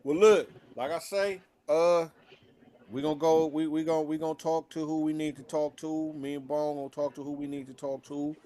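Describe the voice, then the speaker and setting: A man on a live talk stream with a slightly raised pitch. He talks in a halting, searching way, circling back and restarting his sentences. The tone is loose and conversational. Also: steady tone, dark tone. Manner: halting, many restarts and fillers. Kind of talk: casual chat.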